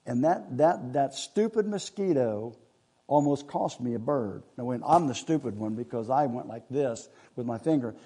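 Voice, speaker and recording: A man's voice: mid-range voice, expressive, moderate pace, warm tone, husky. A man, telling a rambling hunting story in a casual, folksy way with laughs along the way.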